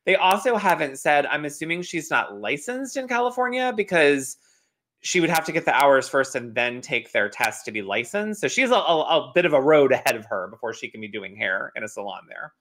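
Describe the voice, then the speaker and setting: A woman's voice: sits low, sing-song, brisk, fairly bright tone. A woman co-hosting a podcast, casually recapping an episode and explaining salon licensing rules with a knowing tone. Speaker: podcast co-host.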